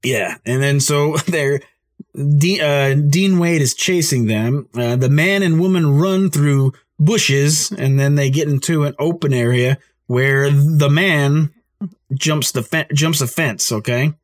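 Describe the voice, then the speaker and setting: A man's voice: fairly high pitch, takes it slowly. Laughing, rambling male podcast host. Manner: rambling, laughs at his own story. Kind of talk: casual storytelling chat.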